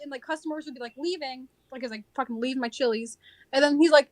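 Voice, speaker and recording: A young woman co-hosting a podcast in casual chat, telling work stories in an animated way and acting out the people in them. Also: high-pitched, fairly quick. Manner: animated storytelling, acts out quoted people. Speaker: podcast co-host.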